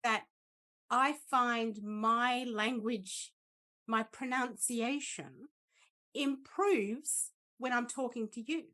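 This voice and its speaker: Bubbly woman with a high voice. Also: very slow, pushed and bright. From Australia, Northern Territory. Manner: bubbly, laughs often, says mate. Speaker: co-host. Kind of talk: casual chat.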